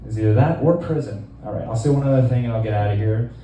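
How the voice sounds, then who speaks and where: A man in his twenties doing a stand-up set in a small club, deadpan and rambling, with lots of fillers. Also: mid-range voice, quick pace, very echoey, distant mic, slight background noise, poor audio. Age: 20s. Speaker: stand-up comedian.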